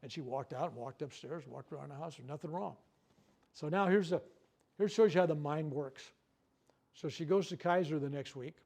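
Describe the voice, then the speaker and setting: A man, a reverend, telling healing stories in a lively workshop talk before a live audience, acting out what people said. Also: a little high, moderate pace, creaky. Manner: animated storyteller, acts out quoted speech. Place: room at a medical center, before a live audience.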